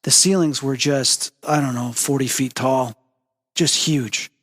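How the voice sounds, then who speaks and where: A man hosting a spiritual talk show, telling personal stories in an earnest, animated way and acting out the dialogue. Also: mid-range voice, a little slow, long reverb tail. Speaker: host. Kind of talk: personal storytelling monologue.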